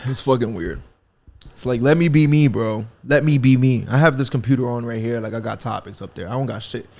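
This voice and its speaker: A man's voice: medium pitch, a little fast, creaky, a little mellow. A young man from the Bronx with a New York accent, hosting a solo podcast in a profane, rambling, casual way with lots of restarts and slang. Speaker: podcast host.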